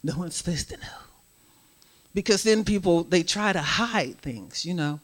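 A middle-aged woman giving a sermon as guest speaker, swinging from hushed asides to loud, emphatic preaching. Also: fairly low pitch.

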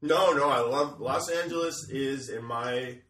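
Comedian man, bright voice, loose rambling storyteller who swears and laughs a lot; roomy sound from off the mic. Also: mid-range voice, unhurried, far from the mic. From Chicago area. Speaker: comedian guest. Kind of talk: casual podcast chat.

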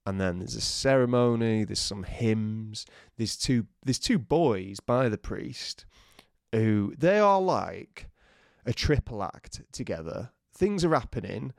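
A man co-hosting a podcast, telling a lively anecdote, acting out quotes and laughing often. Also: lowish voice, slow, gravelly, dry recording, studio quality. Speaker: podcast co-host. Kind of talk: casual storytelling chat.

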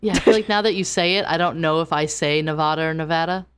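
A woman's voice: on the low side, quick pace, noisy background. A woman co-hosting a true crime podcast, answering with dry, sardonic remarks and short interjections. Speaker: podcast co-host. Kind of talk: casual chat.

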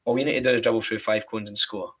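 A Scottish man with a Falkirk and Glasgow accent hosts a casual podcast, chattily telling self-mocking stories. His lowish voice is steady, a bit bright and husky, and he talks fast.

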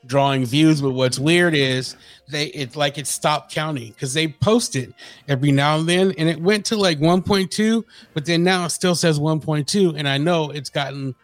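A man on a morning talk show, chatting casually and peppering his stories with profanity. His voice sits a bit high for a man. He rambles and restarts, and gets worked up as he talks. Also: normal speed. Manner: profane, animated storyteller. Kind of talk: casual chat.

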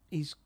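A speaker casually retelling a film's plot scene by scene, stumbling over and repeating words. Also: a little mellow. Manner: stammering, repeats words often.

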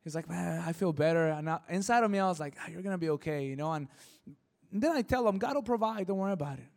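High-voiced preacher man telling stories. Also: quick pace, creaky. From Mexico. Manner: animated, shifting from hushed to loud and emotional. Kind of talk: sermon storytelling.

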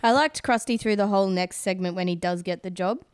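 A woman's voice: mid-range voice, brisk, clear, resonant tone, dry recording. A woman chatting as a podcast guest, blunt and dry in her remarks. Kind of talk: casual podcast chat.

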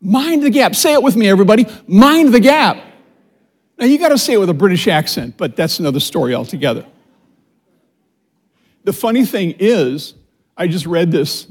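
A middle-aged man teaching a church Bible study as associate pastor, reading scripture slowly and preaching with calls to the congregation. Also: high voice, slightly rough. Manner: animated preaching with audience call-and-response; reads scripture slowly and deliberately. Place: church sanctuary before a congregation.

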